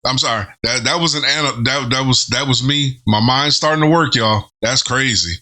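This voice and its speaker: A man's voice: medium pitch, moderate pace, pushed and bright. A man hosting a reaction video, thinking aloud about lyrics in casual commentary, with restarts and chuckles. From not from Britain.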